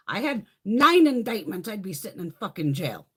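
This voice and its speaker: A middle-aged woman hosting a live chat, ranting in a heated, profane, animated way. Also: fairly high pitch, brisk, few pauses, breathy edge. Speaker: live stream host. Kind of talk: casual live chat rant.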